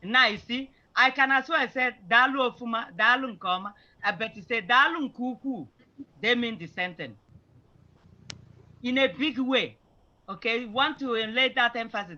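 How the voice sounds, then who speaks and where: Bright-voiced woman teaching a language class. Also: on the high side, normal speed, highs cut off. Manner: explains patiently, mixes English with Igbo phrases.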